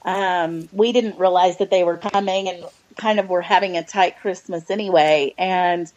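A woman's voice: lowish voice, steady tone, normal speed, a little mellow. Earnest woman sharing a faith testimony. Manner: earnest, hesitant storytelling with many fillers. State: close to tears. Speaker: podcast guest, adoptive mother. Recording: dull lo-fi audio.

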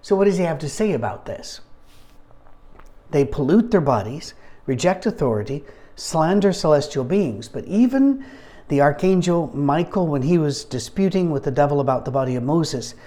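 A man leading a casual Bible study, talking conversationally with wry asides and frequent throat-clearing. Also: a little high, animated, moderate pace, dark tone.

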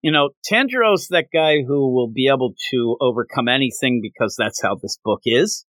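A man co-hosting a podcast in a casual talk about a manga chapter, retelling scenes with lively jumps in his voice. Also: normal speed, no room sound. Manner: animated retelling with big pitch jumps. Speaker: podcast co-host.

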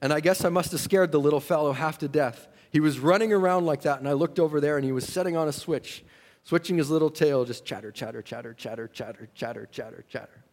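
Male preacher, folksy and dramatic, slightly high voice, reverberant hall recording. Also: quick pace. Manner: folksy storyteller, swings from hushed to shouting. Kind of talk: sermon storytelling.

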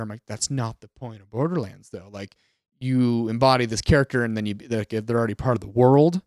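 A man, co-hosting a casual gaming podcast and retelling events in an animated way. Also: mid-range voice, fairly quick, no room sound, clean studio sound. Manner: animated storyteller, acts out quotes. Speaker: podcast co-host.

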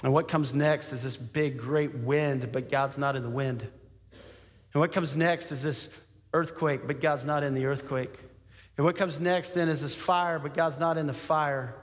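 A pastor preaches to his congregation in a voice that sits high for a man, telling the story vividly, doing voices for the figures he quotes, and laughing often. His intonation stays fairly even and he takes his time. A long hall reverb hangs on the sound.

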